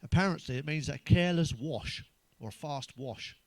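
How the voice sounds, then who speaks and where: An English man with a fairly high speaking voice fires off crude, sweary one-liners as a stand-up comic. The sound is close and dry, with no room around it. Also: animated, normal speed, darkish tone, no echo. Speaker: stand-up comedian. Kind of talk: stand-up joke routine.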